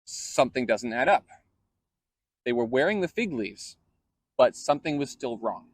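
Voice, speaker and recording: A man's voice: mid-range voice, very animated, normal speed, dry recording. A man hosting a casual Bible teaching vlog, talking in a conversational way with fillers and self-corrections. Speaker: host.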